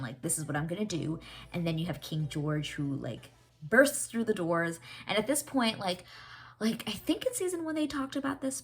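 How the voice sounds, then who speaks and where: A young woman hosting a casual TV reaction vlog, rambling and animated with lots of fillers and casual swearing. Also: deep voice. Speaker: reaction channel host.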